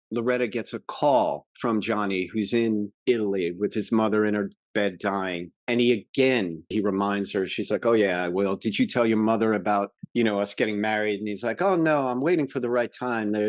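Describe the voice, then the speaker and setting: A male podcast co-host recapping a film in casual chat, acting out the lines in quick voices. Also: on the low side, no echo, studio quality. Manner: animated, acts out movie quotes in voices.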